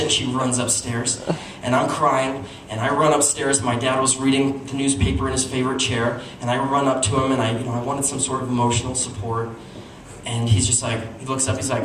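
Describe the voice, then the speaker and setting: A man performing a stand-up comedy story at a small live show, animated and breaking into squeaky voices for his characters. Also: normal speed. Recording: echoey room, distant mic, noisy.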